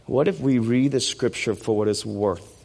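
A man preaching a sermon as pastor, animated and conversational, often checking in with tag questions. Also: medium pitch, moderate pace, gravelly. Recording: long reverb of a large hall.

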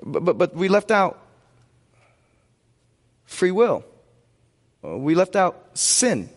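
Brief: male pastor, fairly high voice, preaching in a hall with a long echo, call-and-response. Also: big pitch swings, slow. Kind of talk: sermon.

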